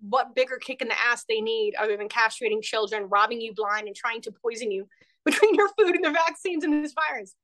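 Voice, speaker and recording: A woman's voice: on the high side, a little fast, fairly bright tone. A woman guest on a talk show, a political candidate speaking bluntly and heatedly, swearing freely. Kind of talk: casual interview.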